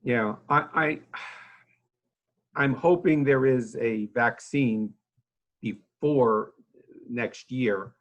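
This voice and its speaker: A man in his sixties giving an earnest, halting talk over a video call about running care homes, with many fillers and restarts. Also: medium pitch, lo-fi sound. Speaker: nursing home agency head speaking to a club. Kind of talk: informal talk to a civic club.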